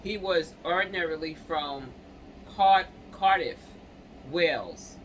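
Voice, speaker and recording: Reading a news story aloud on his channel, a man stumbles, restarts and interrupts himself with casual asides to viewers, coughing and clearing his throat. His voice is on the high side and fairly bright. The recording is low quality, with a little hiss or hum.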